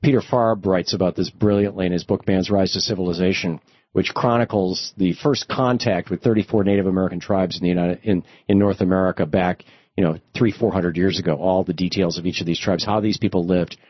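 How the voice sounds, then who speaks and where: Talk radio host, male, lowish voice, dry and a bit muffled, casual rambling delivery. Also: fairly even intonation, fairly quick, husky, no room sound. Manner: conversational, thinks aloud with restarts.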